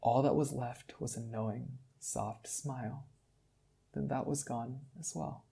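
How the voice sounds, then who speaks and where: A man calmly narrating a fantasy story in a measured reading voice. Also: medium pitch, gravelly, breathy edge.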